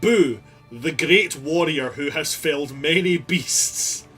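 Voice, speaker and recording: A man's voice: a little high, fairly bright tone, breathy edge, faint music behind, exaggerated voice. A man voicing a big, earnest, simple-minded male warrior who speaks grandly of himself. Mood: proud. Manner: grand, halting third-person speech.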